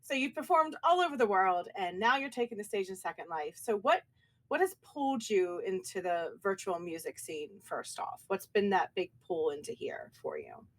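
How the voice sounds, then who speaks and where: A woman's voice: mid-range voice, big pitch swings, moderate pace. A woman hosting a casual interview, reacting with laughs and short encouraging remarks. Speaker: host.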